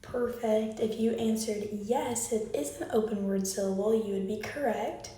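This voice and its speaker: A woman's voice: a little high, normal speed, dark tone. Echoey, distant woman teaching phonics. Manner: patient, asks the listener questions and leads clap-along drills. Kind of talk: recorded phonics lesson. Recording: very echoey room, voice far from the mic.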